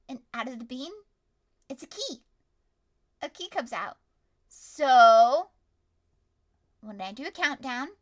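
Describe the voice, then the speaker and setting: A young woman with a high voice streams while making up a story together with her chat. She's playful and animated, sometimes getting loud and sometimes dropping to a hush.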